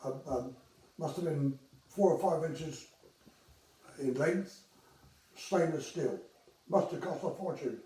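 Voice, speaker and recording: Older man, anecdotes, mellow tone, echoey distant mic. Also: fairly high pitch, slow pace, long pauses. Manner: chatty, with hesitations and acted-out dialogue. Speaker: retired air traffic controller telling anecdotes. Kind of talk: casual storytelling.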